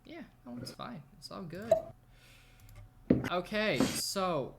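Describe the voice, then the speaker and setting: A man runs a tabletop game as game master, exasperated and quick to swear. There is a clear hiss of noise under his voice. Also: high-pitched, expressive. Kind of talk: casual tabletop game chat.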